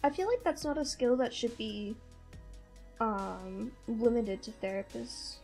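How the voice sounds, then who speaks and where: A woman's voice: fairly high pitch, lively intonation, measured pace, darkish tone. A young woman with a mixed Midwestern and Southern American accent, chatting casually as a stream host, rambling and laughing often, with faint music behind her. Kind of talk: casual chat.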